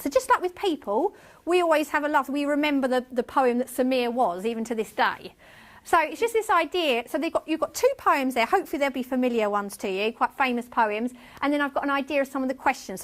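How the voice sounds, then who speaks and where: A woman's voice: high-pitched, a bit bright. A woman teacher presenting a workshop to a room of colleagues, chatty and self-mocking. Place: conference room with tables.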